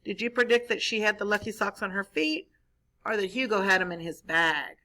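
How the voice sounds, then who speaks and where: A woman's voice: mid-range voice, fairly quick, bright, forceful tone. A woman teacher reading a story aloud to children, stopping to explain and ask them questions. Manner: explaining, asks the listeners questions. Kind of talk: read-aloud lesson for children.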